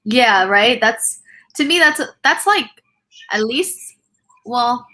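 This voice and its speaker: A woman with a bright, forceful voice hosts a relaxed live chat over a video call. She rambles through restarts and breaks into laughs between thoughts. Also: on the high side, takes it slowly. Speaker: host; teacher.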